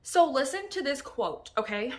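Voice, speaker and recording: A young woman giving a casual, animated book review, exasperated and laughing often. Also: high voice, moderate pace.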